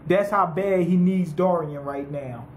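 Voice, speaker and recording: A man's voice: on the high side, a little slow, a little hiss or hum. A man giving a rambling, profane, comedic recap of an anime episode, retelling the characters' lines in slang. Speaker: anime reviewer.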